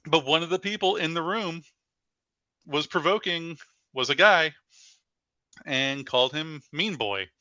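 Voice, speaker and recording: A man with a forceful, bright edge to his voice tells stories as a podcast guest. He talks in an animated way and leans on "like" as he goes. The sound is dry and close, with no room around it. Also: a little high, measured pace, long pauses, no room sound, dull audio. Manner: animated storyteller with frequent "like" fillers. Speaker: paranormal investigator guest. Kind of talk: casual storytelling in a podcast interview.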